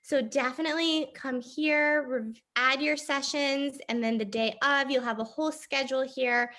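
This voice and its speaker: A woman's voice: sits high, fairly even intonation, moderate pace, sharp tone. A woman from career services giving an upbeat online workshop presentation, explaining steps while she clicks through a screen.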